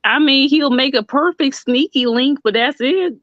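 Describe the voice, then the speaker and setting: A woman's voice: high-pitched, moderate pace, a bit bright, a little hiss or hum. A woman co-hosting a podcast in casual group chat, speaking frankly. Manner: frank, laughs easily. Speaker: podcast co-host. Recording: dry, dull lo-fi call audio.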